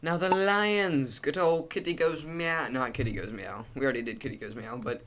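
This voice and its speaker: A man's voice: mid-range voice, brisk, a bit bright. A young man giving a casual, opinionated commentary while ranking logos, rambling with frequent restarts and fillers.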